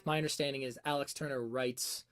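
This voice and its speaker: A man's voice: mid-range voice, fairly even intonation, brisk, a bit bright, clear, resonant tone. A man hosting a music analysis livestream, thinking aloud, reading out chat and answering it, now and then humming a melody. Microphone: webcam setup.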